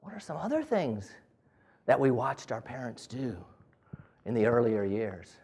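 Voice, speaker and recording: A man's voice: mid-range voice, measured pace, gravelly, slightly rough. A man giving a storytelling talk as a business owner, acting out the dialogue in different voices. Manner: animated, acts out dialogue in quoted voices. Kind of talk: storytelling speech.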